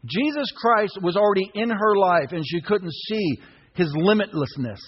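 A man around fifty preaching a sermon as pastor, impassioned, breaking into shouts. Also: sits high, animated, moderate pace, breathy edge. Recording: echoey hall, dull lo-fi sound.

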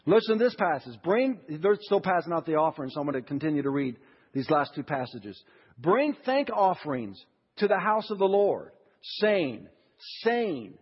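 A man preaches to his congregation in a fairly high, husky voice and poses question after question to them. His voice rises as he presses each point. The recording is dull and carries a long church reverb. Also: sing-song, normal speed. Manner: preaching with rhetorical questions, rising emphasis. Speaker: pastor. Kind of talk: sermon. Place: church sanctuary.

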